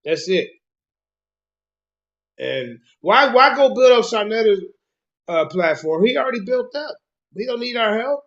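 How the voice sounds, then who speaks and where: A man's voice: extremely high pitch, sing-song, unhurried, long pauses, fairly bright tone. A man on a livestream panel coaxing another speaker to join a tournament, pleading and talking over him. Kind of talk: persuasive livestream chat. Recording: dull lo-fi audio.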